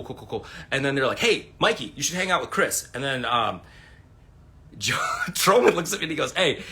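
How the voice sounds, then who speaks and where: A man's voice: on the low side, bright, forceful tone. A man hosting a casual live stream, rambling through stories with plenty of fillers, swearing and acted-out quotes. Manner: rambling, profane, lots of fillers and quoted dialogue. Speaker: livestream host. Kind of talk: casual storytelling to viewers.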